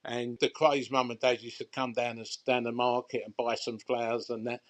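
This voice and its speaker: An older man with a broad London accent tells his stories in a rambling, colloquial way. His voice sits at an ordinary pitch. It leaps higher whenever he gets worked up. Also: flat delivery, moderate pace. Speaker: guest bookmaker. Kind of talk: casual storytelling chat.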